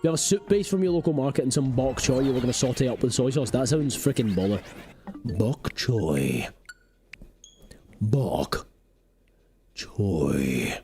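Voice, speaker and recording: Live-streaming a game from his home setup in rural Scotland, a man chats playfully with viewers and drifts into silly voices. His medium-pitched, dark-toned voice moves quickly with hardly any pauses, and faint music plays behind him.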